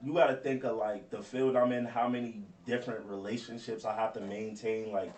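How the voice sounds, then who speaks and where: A man's voice: lowish voice, steady tone, brisk, darkish tone, a little hiss or hum. A man chatting casually as a podcast co-host, talking in loose, rambling slang full of restarts. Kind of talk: casual chat. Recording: roomy sound from a distance with faint ambience.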